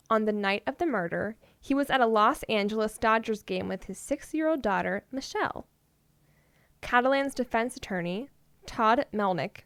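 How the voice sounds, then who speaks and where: Woman, podcast storyteller, fairly high voice, playful, casual, dry recording. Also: fairly bright tone, no echo. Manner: playful, laughs often while reading stories. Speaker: podcast co-host telling stories.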